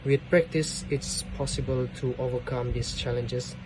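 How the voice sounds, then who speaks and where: A man's voice: mid-range voice, steady tone, normal speed. Hesitant man presenting over traffic noise. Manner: hesitant, with frequent "uh" fillers. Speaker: student presenter. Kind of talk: class presentation.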